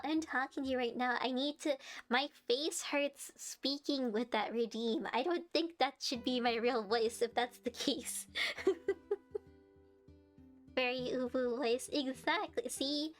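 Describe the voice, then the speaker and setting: A woman's voice: sits high, measured pace, soft background music. A young woman streamer, bubbly and giggly, chatting and playfully teasing her viewers on a live stream.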